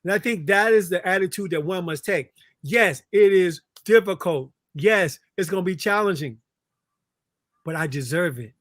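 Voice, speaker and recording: A man's voice: high-pitched, normal speed, fairly bright tone, dry recording, studio quality. A man, a relationship coach appearing as a guest, talking in an earnest, emphatic way and often repeating words. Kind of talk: casual chat.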